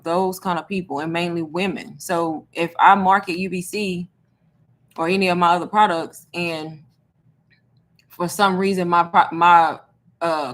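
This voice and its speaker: A woman's voice: lowish voice, fairly bright tone. A young adult woman hosting a casual livestream, talking to her viewers in a chatty, rambling way. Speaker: online business livestream host.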